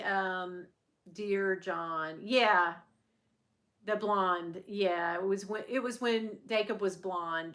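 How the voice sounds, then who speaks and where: Bright-voiced chatty woman streamer. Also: medium pitch. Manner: candid, chatty, swears freely, answers viewer comments. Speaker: luxury handbag livestream host. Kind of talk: casual livestream chat.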